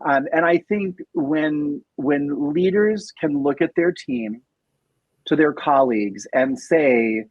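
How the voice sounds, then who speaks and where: Husky-voiced man, thoughtful podcast guest. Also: fairly high pitch, takes it slowly, a little mellow, no room sound, highs cut off. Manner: thoughtful, frequent fillers and restarts. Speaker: podcast guest, nonprofit operations director. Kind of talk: casual interview conversation.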